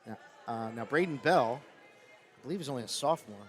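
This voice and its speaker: A man giving live color commentary on a high school wrestling match, explaining tactics in a conversational way and getting excited at big moves. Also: brisk, faint music behind. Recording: loud gym crowd and noise behind. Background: cheering crowd in a gym.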